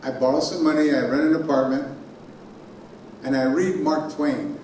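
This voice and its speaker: A man giving a keynote speech in a conference hall, telling a personal story in an animated way and sounding out noises himself. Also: mid-range voice, normal speed, slight background noise. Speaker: keynote speaker. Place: conference hall on a college campus. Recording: very echoey hall from far off.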